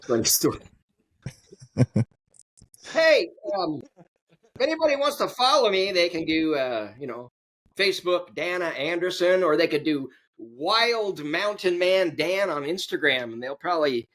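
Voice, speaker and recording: A man's voice: high-pitched, big pitch swings, unhurried, fairly bright tone. A man, a podcast guest in casual chat, telling jokes and anecdotes with a chuckle. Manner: joking storyteller, acts out voices in anecdotes; chuckles while telling stories.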